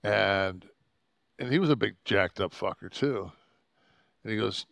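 His voice is fairly low with vocal fry, the pace measured and broken by long pauses, captured in clean studio sound with no echo. This man in his sixties, a podcast host, spins a casual, swear-filled road tale, rambling and animatedly quoting the characters.

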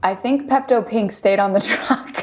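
A woman's voice: medium pitch, moderate pace. A woman co-hosting a podcast, chatting casually and recapping an episode with frequent laughs. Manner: bubbly, giggly, recapping. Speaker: podcast co-host. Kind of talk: casual chat.

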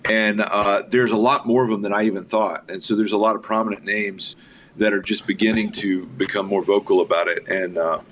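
A man with a fairly low voice chats as a guest on a talk show, spinning lively stories about his work. His delivery is casual and enthusiastic. A soft background hiss sits under the voice. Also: a little fast. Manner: enthusiastic anecdotal storyteller. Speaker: filmmaker guest. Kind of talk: casual storytelling interview.

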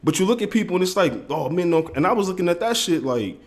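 A man's voice: sits high, very animated, very fast. A man co-hosting a casual podcast, laid-back and slangy, swearing and acting out voices as he tells childhood stories. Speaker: podcast co-host. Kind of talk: casual conversation.

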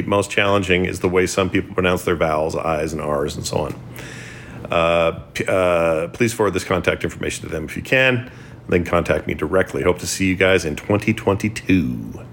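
A man with a notably low voice hosts a casual podcast, joking around and reading listener mail. His manner is relaxed and chatty, with a faint hum of background noise under the recording. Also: a little fast. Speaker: podcast host.

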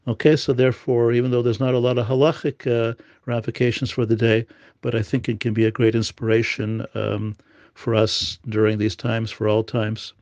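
Male Torah teacher, informal explaining lesson with Hebrew quotations, halting and filler-heavy delivery, dry lo-fi recording. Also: mid-range voice, flat delivery, a little mellow, no echo. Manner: explains in English with Hebrew quotes, many fillers. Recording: dull lo-fi audio.

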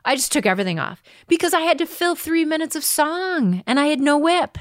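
A woman's voice: sits high, fairly quick, no room sound, studio quality. A middle-aged actress, a woman, telling anecdotes in casual chat and acting out the people she quotes. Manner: animated, acts out quoted people. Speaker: actress guest.

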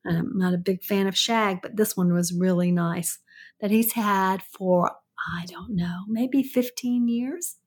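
A woman's voice: medium pitch, unhurried. An older woman with a Southern accent, co-hosting a podcast with her son, chatty and giving household tips. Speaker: podcast co-host, the host's mother. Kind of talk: casual chat.

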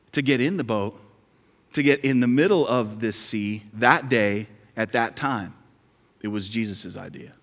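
A male pastor preaching a sermon in a conversational, joking way, repeating key lines. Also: medium pitch. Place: church sanctuary. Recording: hall reverb.

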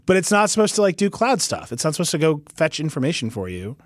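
A man hosting a casual tech podcast, joking and quick, laughing often. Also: on the high side, sing-song, dry recording, clean studio sound. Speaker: podcast host.

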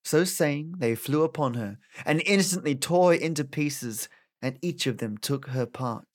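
A man with an Australian accent reading an old fairy tale aloud as narrator, in an expressive, dramatic way. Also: fairly high pitch, measured pace. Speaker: audiobook narrator, podcast host. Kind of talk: storybook narration.

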